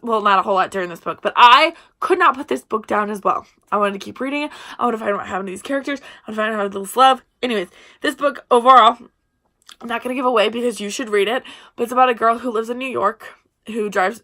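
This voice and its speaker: Speaking fast with a bright, forceful tone and a fairly high pitch, this young woman gushes chattily to her camera in a casual book review vlog. She often leaves sentences trailing off unfinished.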